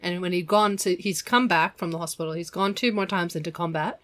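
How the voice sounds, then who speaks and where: A woman's voice: lowish voice, fairly even intonation, fairly quick, fairly bright tone. A woman talking casually and thoughtfully about a novel's chapter, with some hesitation. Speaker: book club co-reader. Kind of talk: casual book discussion.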